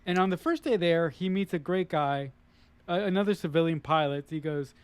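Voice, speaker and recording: A man's voice: a little high, lively intonation, brisk, smooth, dry recording. A man co-hosting a casual film discussion, retelling the plot loosely with many fillers and restarts.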